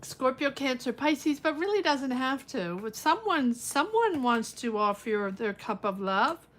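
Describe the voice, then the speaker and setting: A woman's voice: sits high, very animated, a little slow, fairly bright tone. A middle-aged woman giving a live-stream tarot reading, musing aloud and talking to viewers by name. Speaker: tarot reader.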